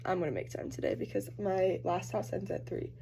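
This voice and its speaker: A woman's voice: medium pitch, lively intonation, brisk, creaky, dark tone, a little hiss or hum. A young woman vlogging casually as she gets ready, chatty, saying "like" a lot. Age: young adult. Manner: chatty, uses "like" constantly, acts out quoted voices. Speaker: college student vlogger. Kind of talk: casual get-ready-with-me chat.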